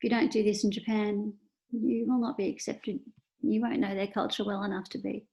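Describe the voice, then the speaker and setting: A woman's voice: mid-range voice, little pitch movement, brisk, gravelly, mellow, highs cut off. A woman with an Australian accent teaching a class, explaining slides in a casual, unscripted way with fillers and asides. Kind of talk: lecture over slides.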